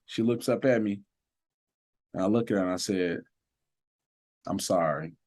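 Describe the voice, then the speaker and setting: A man's voice: lowish voice, steady tone, moderate pace, dark tone. A man who works as a sheriff's deputy, a guest on a podcast, telling a personal story with earnest, preacher-like emphasis.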